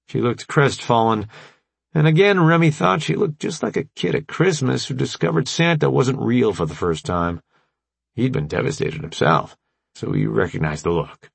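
A male audiobook narrator with a gravelly, husky voice and lively intonation. He reads steadily, recorded dry and close. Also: lowish voice, normal speed, no echo. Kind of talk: scripted narration.

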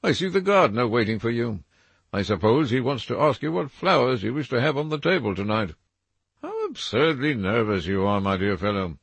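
A man's voice: mid-range voice, sing-song, brisk, vocal fry, slightly rough, no echo, pitched above the performer's own voice, heavily acted. A man doing a drawling, cynical aristocrat. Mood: amused. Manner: drawling, amused and worldly. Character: witty aristocratic gentleman, languid and cynical.

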